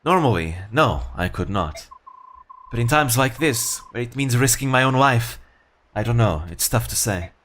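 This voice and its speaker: A man voicing a frank young mercenary leader in a low, blunt tone. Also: expressive, moderate pace, fairly bright tone, a little hiss or hum, lightly acted.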